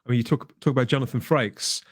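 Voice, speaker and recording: A man's voice: mid-range voice, fast, dry recording. Enthusiastic man on a podcast, dry sound. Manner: enthusiastic, emphatic, repeats words when excited. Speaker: guest podcaster. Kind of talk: casual podcast discussion.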